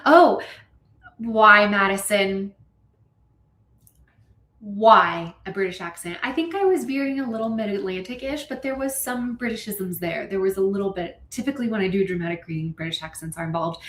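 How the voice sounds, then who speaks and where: A chatty woman streamer talks in a lively, animated way, reading out viewer comments between quick asides. Her voice sits in a middling range. The sound has a noticeable roomy echo. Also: mid-range voice. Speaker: streamer hosting a writing session.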